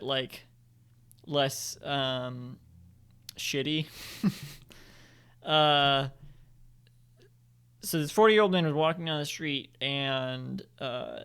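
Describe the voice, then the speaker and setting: A man's voice: medium pitch, creaky, a bit bright, clean tone. A young man at home improvising a story, rambling with lots of fillers and self-corrections. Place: home, indoors.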